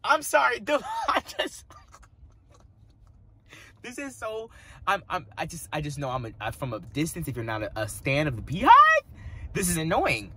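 A man giving a casual music review, excitable and dramatic, gushing with slang as a devoted fan. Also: on the high side, fairly quick, a little hiss or hum. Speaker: music reaction vlogger.

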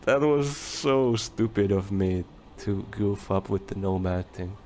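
Laid-back low-voiced man playing a game. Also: slow, slight background noise. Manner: relaxed, chatty, talks to game creatures. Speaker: let's play gamer. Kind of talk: casual gameplay commentary. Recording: faint game music behind.

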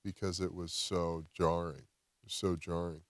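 Man telling a story, low dry voice. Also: a little slow, no room sound. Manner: animated, swears a lot, acts out quotes. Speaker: podcast guest, former football player. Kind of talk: casual storytelling chat. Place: outdoors.

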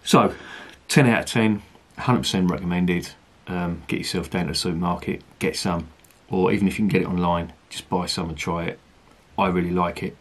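Male beer reviewer, low gravelly register, rambling rants, casual cursing, middle-aged. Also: fairly even intonation, fairly quick, few pauses. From Britain. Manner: chatty, ranting, swears casually.

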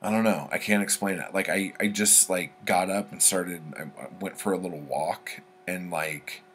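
A man's voice: sits low, fairly even intonation, normal speed, fairly bright tone, a little hiss or hum. A man casually retelling a horror story for his book vlog, rambling with lots of fillers and the odd swear word. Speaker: book vlogger. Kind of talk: casual spoken book summary.

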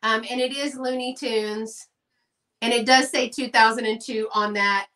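A woman's voice: a little high, fairly even intonation, measured pace, sharp tone, far from the mic. A woman, hosting a live sale in a chatty, folksy way and talking to viewers in the chat. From Texas. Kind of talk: casual live-stream selling chat.

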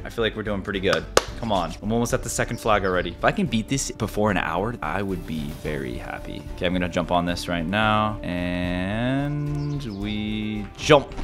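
A young man commentating his own platformer run, excitable, repeating himself and yelping and gasping at near misses. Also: lowish voice. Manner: excitable, repeats phrases, yelps and gasps. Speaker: gaming YouTuber. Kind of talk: let's-play commentary.

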